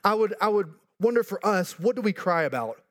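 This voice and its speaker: A man's voice: sits high, animated, fairly quick, a bit bright. A pastor in his thirties or forties preaching a sermon earnestly, building to emphatic repeated lines with joking asides.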